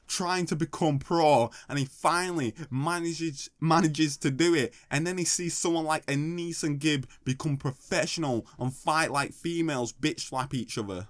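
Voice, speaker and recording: A man's voice: a little high, no room sound, clean studio sound. A man giving sarcastic, mocking comedic commentary. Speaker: YouTube commentator.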